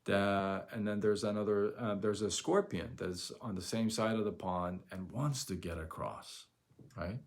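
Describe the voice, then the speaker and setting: A man hosting a live stream, telling a story casually in a rambling, animated way, full of fillers and restarts. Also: on the low side, unhurried, gravelly.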